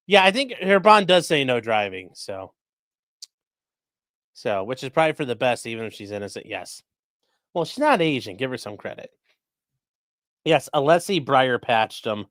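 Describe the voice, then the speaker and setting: A man hosting a livestream, commenting in a casual, jokey way, talking to chat and breaking into mock voices and sudden yells. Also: mid-range voice, very animated, moderate pace, pauses often, no echo, studio quality. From grew up in a rural area. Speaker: livestream host reacting to a trial.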